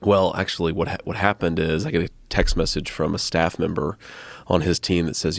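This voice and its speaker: A man's voice: sits low, fairly even intonation, a little fast, vocal fry. A man guesting on a podcast, telling stories in a casual way and often breaking into laughter. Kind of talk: casual storytelling.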